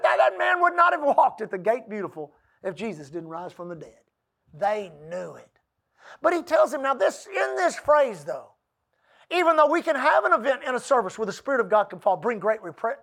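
A man preaching a sermon, reading scripture slowly and calling out to the congregation for responses. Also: very high voice, gravelly, fairly bright tone. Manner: preaching with rising emphasis and call-and-response; reads scripture aloud slowly. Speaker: pastor.

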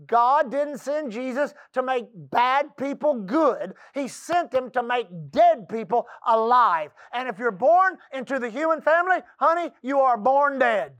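A man from the Texas coast preaching a folksy sermon in church, calling out for amens and dropping into a soft low voice for quotes. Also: dry recording.

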